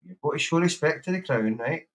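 A man's voice: on the high side, lively intonation, fairly quick, a bit bright, rough recording. Guy on a stream, swears a lot, blunt advice, keeps laughing. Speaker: livestream host. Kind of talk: casual livestream chat.

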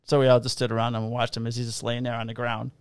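Brief: male cop co-host, mid-pitched voice, swears freely, acts out the quotes, close dry mic. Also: rapid-fire, smooth, dry recording. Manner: profane, animated storyteller who acts out quotes. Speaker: police officer and podcast co-host. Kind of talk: casual chat, storytelling.

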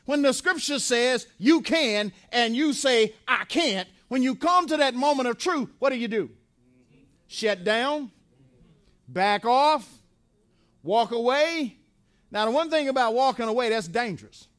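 A man's voice: very high-pitched, animated, measured pace, fairly bright tone. A man preaching a sermon in a church, emphatic and repetitive, asking questions and answering them himself. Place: church sanctuary.

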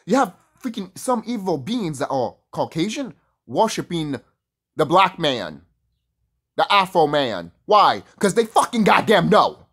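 A man's voice: fairly high pitch, big pitch swings, measured pace, fairly bright tone, breathy edge. A man ranting casually to camera in a profane, heated and rambling way. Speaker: vlogger.

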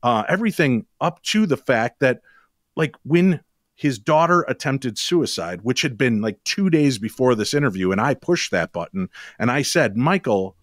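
A man who hosts a paranormal radio show, telling stories as a podcast guest in a lively, quick way with sudden jumps in pitch. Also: no echo, clean studio sound. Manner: animated, quick storytelling with sudden rises in pitch. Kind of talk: storytelling in a podcast interview.

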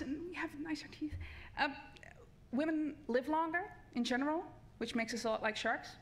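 A woman's voice: high voice, normal speed. Stammering wry woman debater. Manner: hesitant, stammering, wry deadpan humor. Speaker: brain researcher and debater. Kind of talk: comic debate speech. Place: stage at a science festival debate.

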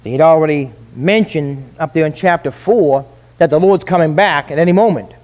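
Pastor, male, high voice, emphatic sermon delivery with rhetorical questions. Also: normal speed, darkish tone, highs cut off.

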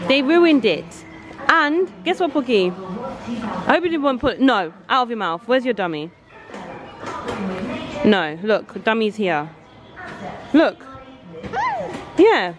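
A woman's voice: a little high, lo-fi sound. A woman filming a casual vlog as a mother, talking in a chatty, exasperated, rambling way on a handheld camera in a supermarket. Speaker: vlogger and mother. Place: supermarket, indoors.

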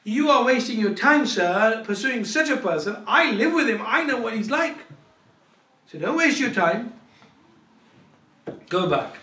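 A man voicing a scolding wife who loudly turns a visitor away, in an indignant, dismissive manner. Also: extremely high pitch, lively intonation, unhurried, long pauses, voice pushed up, full character voice. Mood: scornful. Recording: echoey room, distant mic, faint noise.

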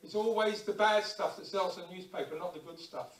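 A man preaching a lively sermon in a church, acting out little everyday scenes and prayers as he goes. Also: high-pitched, a little fast. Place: church hall. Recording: echoey church hall, distant mic.

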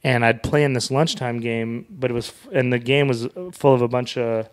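Podcast guest, young man from Wyoming, mid-pitched voice, loose anecdotal storyteller who slips into quoted dialogue. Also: steady tone, normal speed. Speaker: comedian and author guest. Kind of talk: casual storytelling in a podcast interview.

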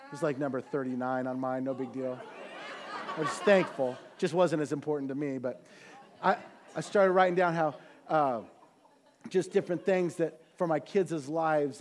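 High-voiced pastor preaching with fervor. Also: male voice, a little mellow. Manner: earnest, building to fervent preaching. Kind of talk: sermon.

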